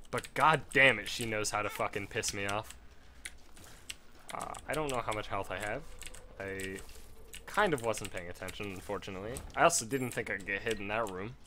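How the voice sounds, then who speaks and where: A man's voice: fairly low pitch, moderate pace, bright, forceful tone, a little hiss or hum. A man giving casual gameplay commentary from home at a desk mic, rambling into a profane story. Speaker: let's play gamer.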